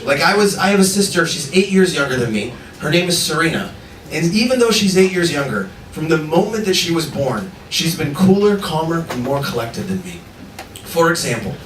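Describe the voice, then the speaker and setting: A man doing a stand-up comedy set, telling animated stories built up to punchlines. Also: fairly high pitch. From Indian and American. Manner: energetic, animated storytelling with punchlines. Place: large live venue with audience. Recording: echoey live venue, mic heard from far off, audience noise.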